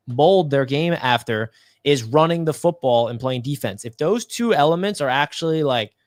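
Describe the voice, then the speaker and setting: A man's voice: fairly high pitch, no room sound. A man on a casual podcast panel, giving confident, emphatic football analysis. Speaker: Jets fan panelist.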